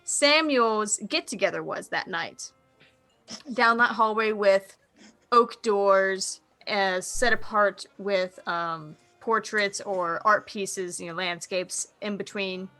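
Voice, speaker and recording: Woman game master, bright clear voice, relaxed scene narration, mid pitch. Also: slow, soft background music. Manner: relaxed, swears casually while describing.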